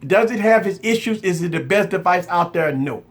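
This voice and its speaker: A man's voice: sits high, expressive, normal speed. A man hosting a tech channel, talking straight to his viewers in a casual live chat. He is candid and insistent, repeating himself to stress his point.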